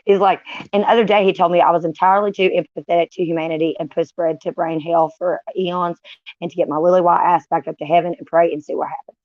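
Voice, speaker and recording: A woman, vlogging in a candid, profane way with dark humor. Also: lowish voice, steady tone, quick pace, dry recording. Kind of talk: casual, unfiltered storytelling. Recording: dull, dry lo-fi sound.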